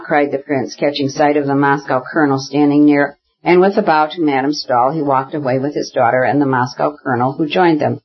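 A man narrating a classic novel as an audiobook in a measured, even manner. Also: medium pitch, breathy edge. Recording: dull lo-fi audiobook recording.

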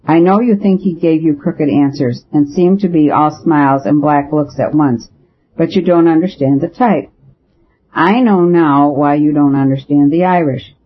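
A man reading the lines of an eager, excitable young American man, quick and emphatic. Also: on the high side, close to an everyday voice. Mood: impassioned. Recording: dull lo-fi audio.

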